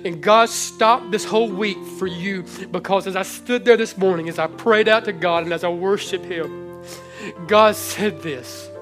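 A man preaching a sermon to his congregation, moving between hushed storytelling and loud, impassioned preaching. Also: sits high, measured pace, over music. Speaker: pastor. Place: church hall before a congregation.

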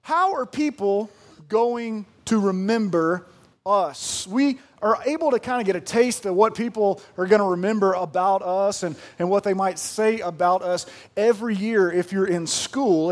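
High-voiced joking pastor in his thirties. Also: normal speed. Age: 30s. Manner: folksy, joking storyteller. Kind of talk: sermon.

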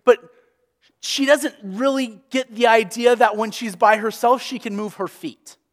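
A young man preaching a sermon as a pastor, conversational and animated as he tells stories. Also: extremely high pitch, measured pace, in a large hall.

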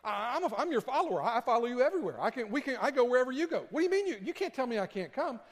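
A man voicing the apostle Peter as an anxious, protesting follower who pleads fast and stammers. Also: very high-pitched, sing-song, voice pushed up, heavily acted. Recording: long hall reverb.

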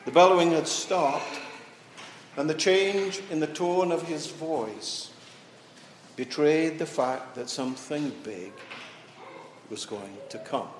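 A man preaching a sermon as pastor in a church, reading scripture and telling a story with slow, deliberate pauses. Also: fairly high pitch, a little hiss or hum. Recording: echoey church from a distance.

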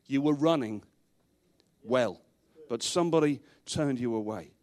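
A man's voice: mid-range voice, unhurried, a little mellow. A male pastor preaching a sermon to a congregation in a church, emphatic, repeating rhetorical questions and dropping in dry humorous asides.

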